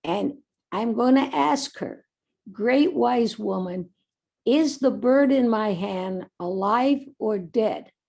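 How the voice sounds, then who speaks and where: A woman's voice: fairly high pitch, expressive, slow pace, gravelly, a little mellow, full character voice. A woman voicing a cocky, scheming teenage boy within a story she tells at a commencement. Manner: smug, plotting.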